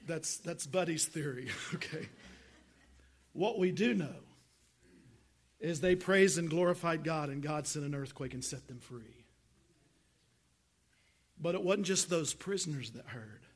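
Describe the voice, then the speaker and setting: A man's voice: on the high side, breathy edge. A man preaching a sermon as pastor, earnest and full of rhetorical questions.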